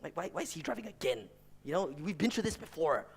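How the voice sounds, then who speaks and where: A man's voice: sits high, sing-song, quick pace, vocal fry, breathy edge, full character voice. A man voicing his brother as a sulky mutterer, grumbling under his breath.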